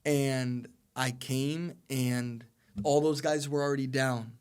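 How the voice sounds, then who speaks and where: Young man in his twenties talking on a podcast, earnest and rambling as he tells a long story, his pitch staying close to one level throughout. His voice sits in an ordinary middle register, and he speaks as a guest answering a question. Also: fairly even intonation, takes it slowly, a little mellow, clear, resonant tone. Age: 20s. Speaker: podcast guest, soccer player. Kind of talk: casual interview storytelling.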